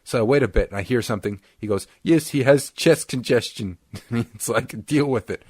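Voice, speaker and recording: Young male podcast co-host, animated storyteller, mid pitch, dry close sound. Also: normal speed, breathy edge, dry recording. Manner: animated, acts out quoted voices. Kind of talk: casual storytelling chat.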